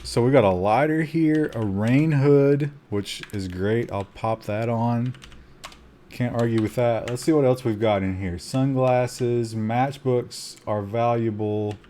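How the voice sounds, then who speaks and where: A man streaming a survival game, giving live commentary with excitable gasps between calm asides and talking to his chat. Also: medium pitch, slow pace, slight background noise. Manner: talks to chat.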